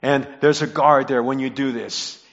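A man preaching a sermon, moving from quiet, low-voiced reflection to loud, emphatic repetition of key lines. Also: steady tone, moderate pace. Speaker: pastor. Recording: muffled sound in a reverberant hall.

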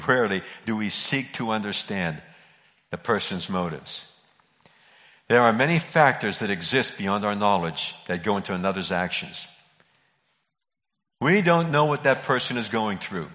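A man's voice: medium pitch, bright, forceful tone. Man, pastor, earnest sermon, repeats phrases, long church reverb. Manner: earnest preaching, repeats key phrases for emphasis.

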